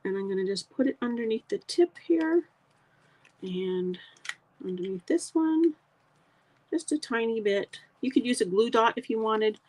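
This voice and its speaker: A woman's voice: a little high, expressive, a little slow, a little mellow. A middle-aged woman, chatting casually with live viewers as she demonstrates a craft project step by step. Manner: chatty, talks to live viewers while working.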